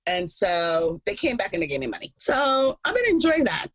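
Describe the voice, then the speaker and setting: A woman co-hosting a podcast in casual chat, telling her stories with animated energy, acting out the people she quotes and laughing often. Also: mid-range voice, moderate pace, dry recording, low-quality recording. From Jamaica. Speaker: podcast co-host.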